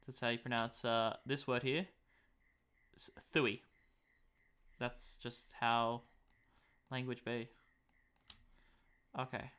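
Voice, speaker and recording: A man's voice: mid-range voice, flat delivery, takes it slowly, long pauses, pushed and bright, clear, resonant tone. A young Australian man chatting casually on a live stream as he makes a map, muttering to himself and poking fun at himself.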